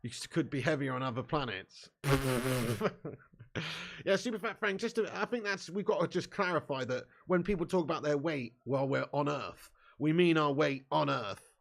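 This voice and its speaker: A young man hosting a live football watch-along, bantering with his chat and swearing freely, getting loud when a chance comes. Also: a little high, moderate pace, creaky.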